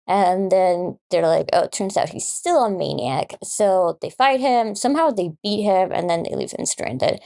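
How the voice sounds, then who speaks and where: A woman's voice: fairly low pitch, creaky, a little mellow. A woman hosting a podcast, chatting casually about a movie she loves, swearing freely and getting emotional. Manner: swears freely, gets emotional, many fillers. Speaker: podcast host. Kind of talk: casual rambling movie chat.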